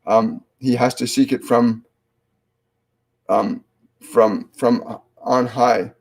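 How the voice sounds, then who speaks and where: A man hosting a live psychic reading, calmly relaying spirit messages in a halting way full of restarts and fillers. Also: mid-range voice, vocal fry. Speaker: psychic medium host.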